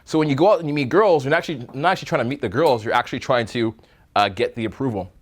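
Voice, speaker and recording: A man's voice: mid-range voice, racing. Male dating coach, live seminar, mid-range voice, crude humor, mocking impressions. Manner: blunt, profane, joking, slips into mocking put-on voices. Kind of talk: live seminar talk to a room of students. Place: seminar room with an audience.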